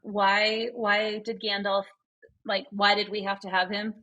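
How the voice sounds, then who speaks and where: A woman's voice: medium pitch, little pitch movement, unhurried, pushed and bright, lo-fi sound. A woman co-hosting a casual book podcast, teasing her co-host and laughing often.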